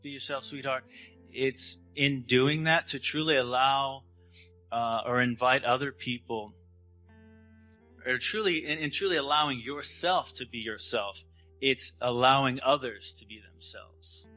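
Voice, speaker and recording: A man in his thirties giving a spiritual talk in a gentle, halting way, often restarting his sentences. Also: mid-range voice, faint music behind, poor audio. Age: 30s. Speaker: spiritual speaker.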